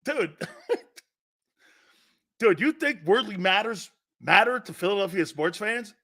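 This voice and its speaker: Brash, high-voiced middle-aged sports host. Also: male voice, animated, a little slow, bright, forceful tone. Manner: brash, profane, joking, laughs often. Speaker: sports talk show host. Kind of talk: sports talk show monologue.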